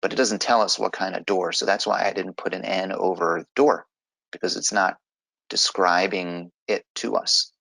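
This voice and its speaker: A man's voice: low-pitched, steady tone, normal speed, gravelly, fairly bright tone, no room sound, poor audio. A man teaching an online grammar lesson, explaining step by step in a patient way.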